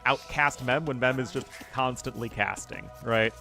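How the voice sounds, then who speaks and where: A man's voice: mid-range voice, normal speed, creaky, sharp tone, soft background music. A man with a General American accent casting a live strategy game, chatty and casual and laughing often. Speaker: caster. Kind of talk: live game commentary reading chat.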